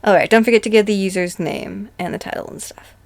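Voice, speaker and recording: A woman's voice: mid-range voice, steady tone, fast. An American woman hosting a casual chat, rambling and self-deprecating, with lots of fillers. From United States. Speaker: host.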